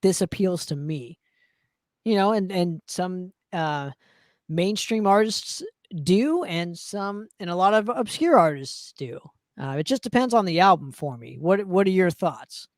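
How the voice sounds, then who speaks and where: A man's voice: sits high, animated, measured pace, no echo. A man co-hosting a podcast, chatting casually and enthusiastically about records, rambling a bit and swearing now and then. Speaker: podcast co-host.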